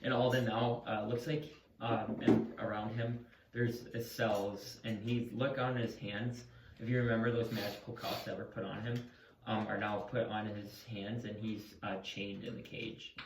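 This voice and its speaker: A man's voice: on the low side, flat delivery, moderate pace. A man narrating a tabletop game as game master, talking casually with many fillers. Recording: roomy room, distant mic, faint noise.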